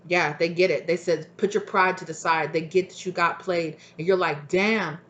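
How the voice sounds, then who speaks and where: On a muffled recording, a woman with a lowish, steady, slightly bright voice delivers a casual tarot reading at normal speed. She rambles bluntly with plenty of fillers, swears freely and voices people's reactions as quotes.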